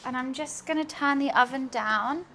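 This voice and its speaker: A woman's voice: sits high, normal speed, pushed and bright, faint music behind. A young woman, chatting casually and giggling as she answers her live-stream chat while cooking in her home kitchen.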